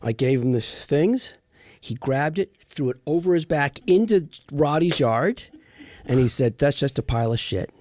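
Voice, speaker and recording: A middle-aged actor guesting on a casual interview shares stories animatedly, performing the voices of people he quotes. He talks at normal speed in a voice on the high side, with no echo.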